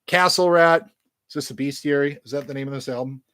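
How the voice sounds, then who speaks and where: A man's voice: medium pitch, quick pace, fairly bright tone, no echo. A man in a casual vlog, reviewing albums from his collection in a crude, joking, self-mocking way, rambling with lots of fillers and swearing.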